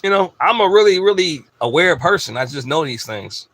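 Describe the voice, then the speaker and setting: A man's voice: fairly high pitch, expressive, normal speed, fairly bright tone, no room sound. A man delivering a blunt, profane, emphatic ranting monologue as a video host.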